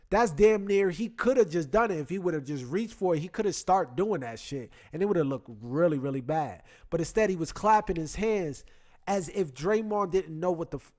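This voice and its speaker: A man with a fairly high voice hosts a casual sports chat. He tells the story in an animated, slangy way, talking into his computer mic.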